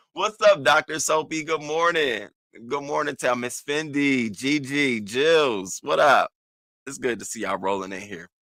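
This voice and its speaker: Bright-voiced man chatting on a livestream. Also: medium pitch, a little slow, no room sound. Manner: loose, profane, talks to chat viewers by name. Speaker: livestream host. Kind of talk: casual livestream chat.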